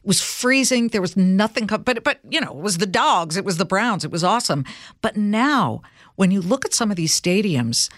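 A woman hosting a podcast interview, chatty and lively, laughing along with her guest. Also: mid-range voice, moderate pace, dry recording, studio quality. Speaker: podcast host. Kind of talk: casual interview conversation.

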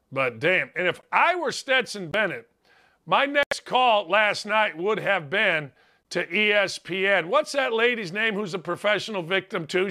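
Brash, forceful sports talk show host. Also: male voice, sits high. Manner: brash, emphatic, bursts into loud exclamations; turns quiet and earnest on serious subjects. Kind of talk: opinionated sports talk monologue.

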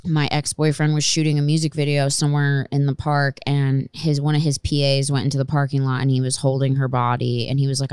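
A young adult woman hosting a podcast, telling stories in an animated, emotional way. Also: very deep voice, a little fast, hardly any pauses, smooth, dry recording, studio quality. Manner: animated, emotional storytelling with many "like"s. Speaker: podcast host. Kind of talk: casual chat.

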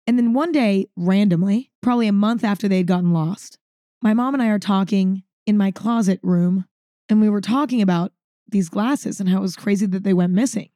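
This podcast host speaks briskly in a medium-pitched voice, sharing a story in an animated, casual style with frequent use of "like." Her sound is clean studio audio with no echo.

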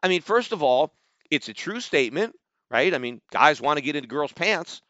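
A man hosting his own show, giving opinionated commentary in an animated, mocking way that climbs toward near-shouts. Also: a little high, moderate pace, no echo, lo-fi sound. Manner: animated, mocking, rising to near-shouts when quoting critics. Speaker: podcast host.

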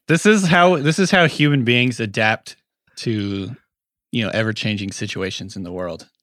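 A man's voice: fairly low pitch, measured pace, a bit bright, no room sound, studio quality. A man in his forties co-hosting a podcast in casual chat, rambling and joking with lots of fillers. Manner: rambling, jokey, trailing off with fillers. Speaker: podcast co-host.

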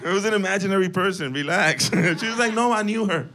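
High-voiced, animated male stand-up comic. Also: fast. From Latino, in Los Angeles. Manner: animated, profane, acts out scenes with yelps and shouts. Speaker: stand-up comedian. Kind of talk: stand-up routine. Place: comedy club stage with audience. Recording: noisy live club recording with laughter.

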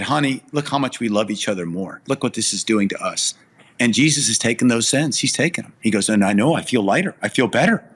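A man's voice: mid-range voice, fairly bright tone. A middle-aged man sharing a personal testimony as an interview guest, earnest and emphatic, his voice tearful and breaking with emotion.

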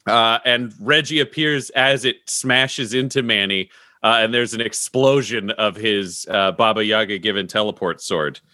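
A man's voice: lowish voice, fairly even intonation, moderate pace, sharp tone, no echo, clean studio sound. A man describing his character's actions as a player in a tabletop game, casual and profane.

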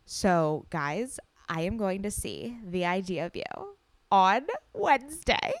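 A young woman hosting a solo podcast, chatting excitedly and gushing, with casual swearing. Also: on the low side, takes it slowly, no room sound. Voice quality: loud. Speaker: podcast host.

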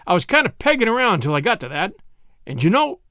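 A man voicing an old rustic cobbler who speaks in a slow, sly country drawl. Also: high-pitched, sing-song, sharp tone, no room sound, studio quality, exaggerated voice.

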